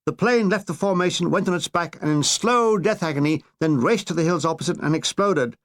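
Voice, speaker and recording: A man reading his own war memoir aloud, in a dry and wry storytelling manner. His voice sits fairly high for a man. He tells the grim parts and the comic parts in the same even, matter-of-fact way. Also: a little fast. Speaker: author narrating his memoir. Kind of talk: audiobook narration.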